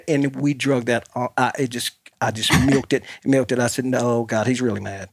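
A man's voice: medium pitch, normal speed, a bit bright, breathy edge, no room sound, studio quality. A man hosting a podcast, telling a rambling anecdote in casual chat and laughing often. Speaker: podcast host.

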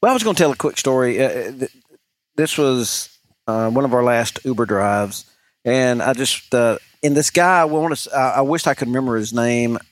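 Man, podcast co-host, chatty and rambling storyteller. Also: medium pitch. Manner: chatty, many restarts and fillers. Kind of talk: casual chat, rambling storytelling.

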